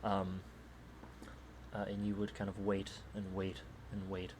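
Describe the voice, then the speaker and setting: A man's voice: low voice, monotone, a little slow, darkish tone, slight background noise. A man narrating as game master in a rambling way, with many fillers.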